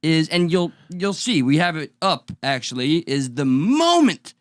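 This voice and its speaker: A man co-hosts a casual podcast, chatting in a wry, skeptical way with some hesitant restarts. His voice is a bit higher than most men's, smooth and clear. The recording is close and dry. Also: very animated, a little slow, no room sound. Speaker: podcast co-host. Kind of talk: casual chat.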